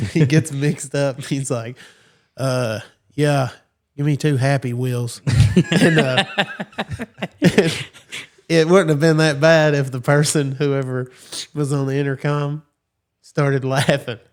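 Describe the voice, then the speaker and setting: Man, casual podcast chat, loose rambling storyteller, average pitch. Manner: laid-back storytelling, drawled filler words. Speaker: podcast co-host.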